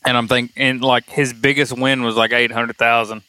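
A man co-hosting a podcast, chatting casually with quick joking interjections. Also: mid-range voice, little pitch movement, background noise. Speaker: podcast co-host. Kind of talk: casual chat.

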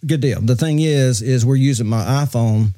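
A man's voice: mid-range voice, moderate pace, warm tone, no room sound. Rambling male podcast host, dry sound. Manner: rambling, restarts often. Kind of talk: casual podcast chat.

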